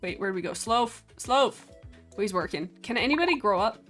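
A young woman streaming a game, chatting casually and excitably, gasping, giggling and speaking for her virtual pets. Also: medium pitch, moderate pace, soft background music. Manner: excitable, giggly, gasping, voices the pets' thoughts. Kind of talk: casual gameplay commentary.

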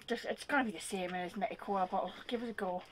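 A woman's voice: medium pitch, fast talker. A woman tasting snacks beside a vlogger, chatting casually and joking with giggles. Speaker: co-host.

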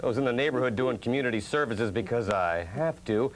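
A man's voice: medium pitch, lively intonation, a little fast, close to an everyday voice. A man voicing a brash, swaggering drug dealer with cocky sales patter.

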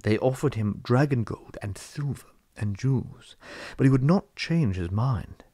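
A man narrating a book aloud with steady, even storytelling. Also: medium pitch, measured pace, slightly rough, dry recording, clean studio sound. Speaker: audiobook reader.

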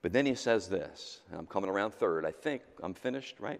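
A man preaching a sermon as the pastor, talking in a loose, conversational way and jumping from loud exclamations to quiet asides. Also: sits low, lively intonation, a little fast, vocal fry. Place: church sanctuary. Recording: reverberant church hall.

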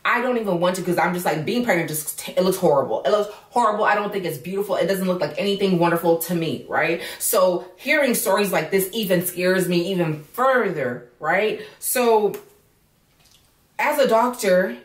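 A woman's voice: on the low side, moderate pace. A woman vlogger in casual commentary, outspoken and indignant, swearing freely. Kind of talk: casual commentary on a news story. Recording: roomy echo, voice from a distance.

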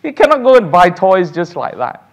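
A man teaching a church Sunday school class, animated and laughing often as he takes questions. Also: high voice, moderate pace.

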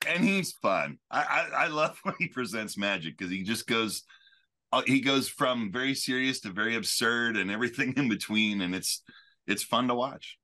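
A man's voice: mid-range voice, animated, normal speed, pushed and bright. A man co-hosting a magic web show in casual chat, enthusiastic and often laughing.

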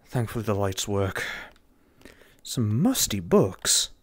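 A young English man commenting jokingly and sarcastically while playing a horror game, getting excited easily. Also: lowish voice, slow, no echo. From England. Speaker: gamer.

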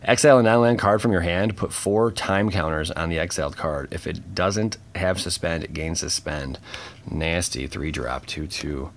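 A man hosting a casual card-opening video, talking in a relaxed, slangy way and reading card names aloud with quick bursts of excitement and muttered asides. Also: deep voice, a little hiss or hum. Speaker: channel host opening trading cards. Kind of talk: casual unboxing chat.

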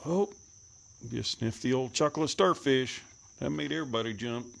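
A man talking to his animals outdoors, coaxing and teasing them, sometimes cussing and calling out in a high voice. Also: normal speed, creaky. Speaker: animal keeper filming his pets. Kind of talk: casual running commentary to animals. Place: outdoors, rural.

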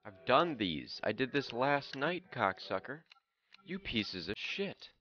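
A man's voice: medium pitch, very animated, takes it slowly, pushed and bright, lo-fi sound. A young man streaming a game, ranting in a profane, casual way as he plays. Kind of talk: casual gameplay commentary.

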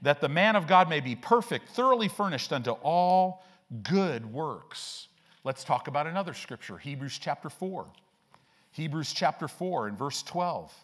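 This is an older man delivering a sermon from the pulpit, his voice sitting a bit high for a man. His delivery is animated, with wide swings of pitch and frequent rhetorical questions aimed at the listeners. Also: unhurried. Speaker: pastor.

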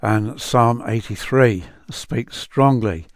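A man speaking as a Bible translator, reflecting slowly on psalms, with many pauses and fillers as he reads verses aloud. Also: medium pitch, no echo, clean studio sound.

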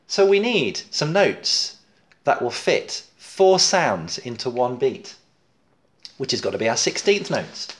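A man's voice: medium pitch, very animated, normal speed. A man teaching a children's music lesson, patiently explaining note rhythms and counting and clapping them aloud.

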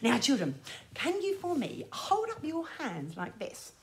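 A woman runs a cheerful children's lesson outdoors. Her high voice leaps up and down in an animated, sing-song way as she talks straight to the little ones. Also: a little slow. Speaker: children's music teacher. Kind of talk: lively children's lesson with songs. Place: outdoors in sunshine.

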